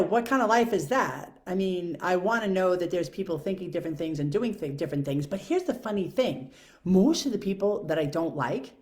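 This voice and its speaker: A woman vlogger talking through her own thoughts in a candid, self-questioning, casual monologue. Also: medium pitch. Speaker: video blogger. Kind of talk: reflective personal monologue.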